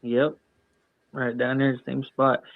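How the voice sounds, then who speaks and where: A man's voice: mid-range voice, level tone, slow pace, creaky, narrow, tinny audio. A man earnestly telling his story as a guest, repeating points for emphasis. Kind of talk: casual storytelling.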